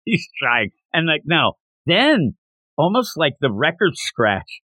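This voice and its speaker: Male podcast host, slightly high voice, expressive storyteller, casual manga chat. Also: slow pace, no room sound. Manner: animated, acts out characters while retelling.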